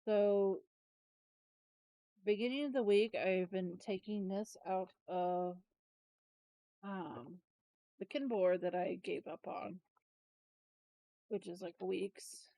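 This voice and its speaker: A tired woman talks through her planner at an unhurried pace, rambling and often breaking off mid-phrase to correct herself. Her voice is soft and mellow, recorded dry and close. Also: medium pitch, fairly even intonation, no room sound. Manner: rambling, trailing off, with self-corrections and asides. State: tired, yawning. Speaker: planner vlogger. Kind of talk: casual chatty planner walkthrough.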